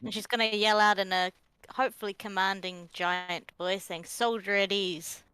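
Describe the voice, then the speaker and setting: A woman's voice: medium pitch, steady tone, normal speed, bright, forceful tone, clear, resonant tone, dry recording. A woman playing a tabletop game, asking tentative questions about the scene. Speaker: player. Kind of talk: casual tabletop game chat.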